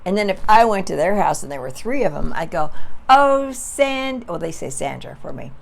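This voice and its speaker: A woman's voice: low voice, fast talker, vocal fry. A woman in her eighties reminiscing in a chatty, rambling way on her front porch for a vlog. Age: 80s. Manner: chatty, rambling, calls out names in a sing-song. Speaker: vlogger.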